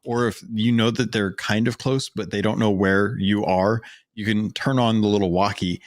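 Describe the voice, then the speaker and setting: Podcast co-host, male, low voice, loose rambling chat, dry booth sound. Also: steady tone, normal speed, no echo. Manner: rambling, many fillers and restarts. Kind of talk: casual gaming chat.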